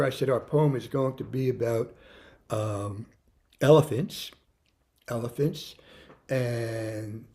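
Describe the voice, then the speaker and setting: A man with a medium-pitched voice teaches young children a music lesson, counting beats loudly before dropping to soft prompts and patiently repeating words.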